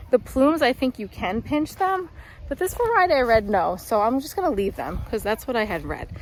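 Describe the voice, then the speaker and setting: Outdoors, a woman flower farmer walks along her rows giving a casual tour, slightly out of breath as she goes. Her medium-pitched voice is chatty and upbeat, captured on a rough recording with some hiss or hum.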